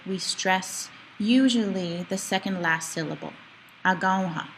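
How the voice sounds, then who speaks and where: A woman's voice: mid-range voice, slight background noise, rough recording. A woman giving a recorded language lesson, explaining patiently and demonstrating sounds for learners to repeat. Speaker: language teacher. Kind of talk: recorded video lecture.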